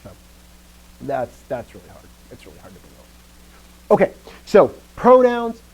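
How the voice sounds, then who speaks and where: With big pitch swings and some vocal fry, a man speaks at normal speed on lo-fi sound. His Greek lesson is casual and full of self-corrections and check-ins with the class, and he acts out emphasis by saying stressed words louder and higher.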